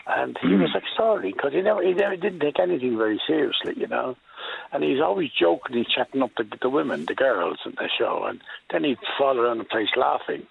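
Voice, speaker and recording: A man's voice: medium pitch, expressive, fast, creaky. A man calling in on the line to share rambling recollections. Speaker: caller on the line. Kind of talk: phone-in reminiscence. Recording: tinny phone line.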